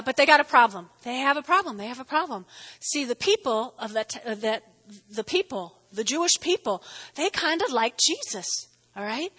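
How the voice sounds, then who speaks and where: Woman, Bible teacher, lively sermon, acts out quotes, high voice, reverberant room. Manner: animated, chatty, acts out quotes.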